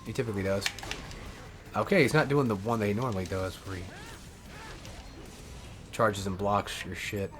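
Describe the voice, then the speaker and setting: A man's voice: fairly low pitch, moderate pace, pauses often, over music. A man giving rambling, casual gameplay commentary as a let's player, swearing often and correcting himself as he goes. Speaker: let's play gamer.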